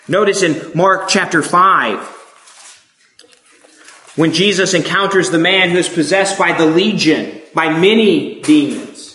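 A man's voice: on the high side, a little slow, bright, forceful tone. A man preaching a sermon, emphatic and asking his listeners rhetorical questions. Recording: echoey room.

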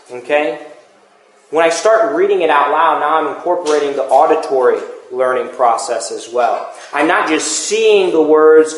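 A man gives a sermon in a relaxed, conversational teaching manner, breaking off for asides and restarting his phrases. His voice sits a little high for a man. The sound carries a roomy echo. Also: slight background noise. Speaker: preacher.

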